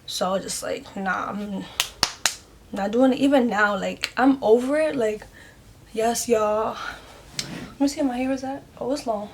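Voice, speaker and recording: In a casual storytime vlog, a woman with a fairly high voice talks a little slowly, leaving long pauses, over slight background noise. She's chatty and emotional, sprinkling in lots of "like" and calling her viewers "y'all" as she speaks openly and earnestly.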